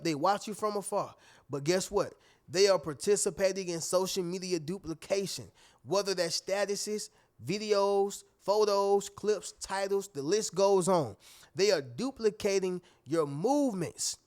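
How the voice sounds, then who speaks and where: A man giving a motivational talk, preachy and repetitive, often addressing listeners as family. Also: high voice. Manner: preachy, repeats phrases, calls listeners "y'all" and "family". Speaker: motivational speaker. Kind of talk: motivational monologue.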